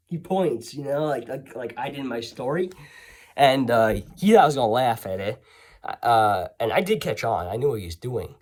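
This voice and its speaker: A man's voice: mid-range voice, expressive, fairly quick, a little mellow. A man telling a story in a casual, rambling way, full of sarcastic asides and self-corrections.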